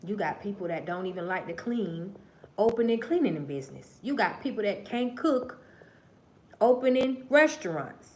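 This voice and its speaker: A woman livestreaming speaks right to her viewers, telling a profane, sermonizing story in casual monologue form. Her expressive voice moves at normal speed, veering between low murmurs and loud, emphatic bursts.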